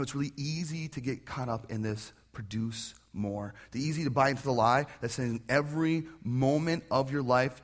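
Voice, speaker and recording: A man preaching a sermon in a conversational, animated way, full of questions. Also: mid-range voice. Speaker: pastor.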